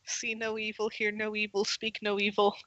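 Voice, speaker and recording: A woman playing a tabletop game on a stream, chatting playfully with loud exclamations. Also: medium pitch, completely flat delivery, normal speed, dry recording, rough recording. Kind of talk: casual chat on a game stream.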